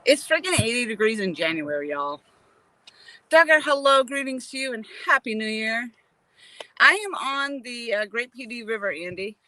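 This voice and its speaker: Out of breath and outdoors by a river, a woman hosts a fishing livestream, greeting viewers by name and laughing easily in casual live chat. Her voice sits on the high side, expressive and sharp in tone, at a normal speed.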